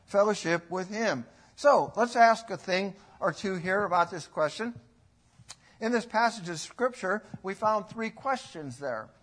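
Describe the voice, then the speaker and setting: A middle-aged man preaching a sermon in a folksy, rambling way, rising to loud bursts when he quotes. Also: sits high.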